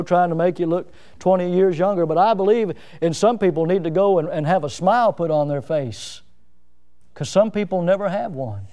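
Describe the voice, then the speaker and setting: A middle-aged man preaching a sermon in a folksy, plain-spoken way, with self-mocking humor and lively emphasis. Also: sits high, clear, resonant tone.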